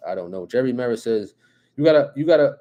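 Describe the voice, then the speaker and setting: A man from New Jersey with a New Jersey accent, hosting a casual live stream, reading viewer comments and chatting in a relaxed way with lots of repeated phrases. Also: mid-range voice, fast talker, dull audio. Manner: relaxed, repeats phrases, frequent "you know what I'm saying", chuckles often.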